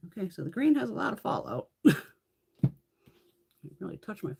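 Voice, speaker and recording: Medium in pitch and sing-song, her voice is creaky, darkish and breathy-edged, moving at a moderate pace. She's a beauty livestreamer who rambles casually, curses a lot and laughs frequently.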